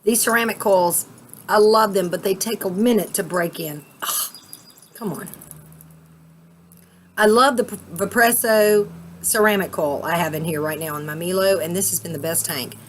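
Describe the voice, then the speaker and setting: Chatty, excitable woman vlogging outdoors. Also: on the low side, moderate pace, a little hiss or hum. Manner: chatty and excitable, rambling with fillers. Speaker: vape vlogger. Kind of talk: casual vlog chat. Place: outdoors at a rural cabin.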